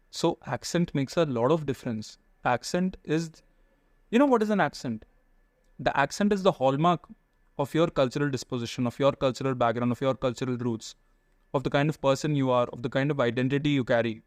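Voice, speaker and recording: A man's voice: on the high side, no echo, clean studio sound. A young adult man giving earnest, emphatic advice on public speaking, stacking up repeated phrases for weight. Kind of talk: instructional monologue.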